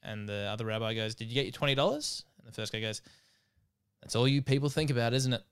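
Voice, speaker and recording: A man's voice: mid-range voice, clear, resonant tone. A man, a podcast co-host telling stories in casual chat and laughing often. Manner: animated, laughs through his stories.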